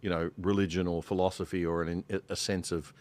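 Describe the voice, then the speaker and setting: A man's voice: low-pitched, level tone, a little fast, darkish tone, no echo. A man speaking as a guest commentator on a podcast panel, emphatic and indignant as he argues his point. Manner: emphatic, rising into exasperated indignation. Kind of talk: casual panel discussion.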